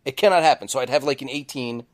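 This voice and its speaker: A man co-hosting a casual podcast in a studio, telling animated stories and swearing freely. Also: medium pitch, fast. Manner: animated storyteller, swears, shouts quoted lines. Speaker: podcast co-host. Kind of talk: casual chat, storytelling.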